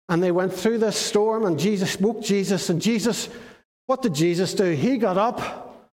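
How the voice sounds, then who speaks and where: A man giving a children's sermon in lively storytelling and putting questions to the children. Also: high voice, moderate pace, long reverb tail. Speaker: minister.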